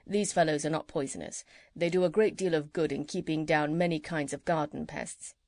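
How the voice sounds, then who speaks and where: A woman voicing a gentle, kindly male country doctor who chats fondly, in a lowered voice. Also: fairly even intonation, moderate pace, creaky, dry recording. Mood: fond, chatty.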